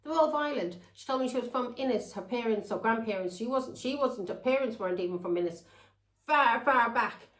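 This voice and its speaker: A woman's voice: a little high, lively intonation, brisk, echoey room, rough recording. A woman telling a long, rambling personal story to her viewers. She talks bluntly and swears freely. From England. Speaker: tarot reader.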